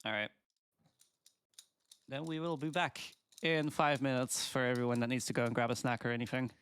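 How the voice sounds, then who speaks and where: Brief: easygoing male stream host, casual and mid-pitched. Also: fairly even intonation, normal speed, a bit bright, slight background noise. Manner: easygoing, organizing. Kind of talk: casual chat.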